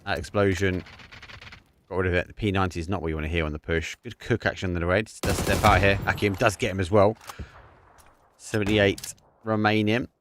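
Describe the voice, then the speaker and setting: Male esports caster, deep-ish voice, rapid live calls that spike into shouts, faint gunfire underneath. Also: background noise. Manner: excitable, bursts into shouts and laughter at big plays. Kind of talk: live play-by-play commentary.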